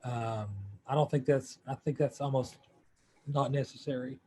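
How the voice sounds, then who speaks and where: A man's voice: mid-range voice, steady tone, normal speed, mellow, a little hiss or hum. A man in a video-call meeting giving his view, thinking aloud with restarts and hesitations. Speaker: meeting participant. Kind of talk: online group meeting discussion.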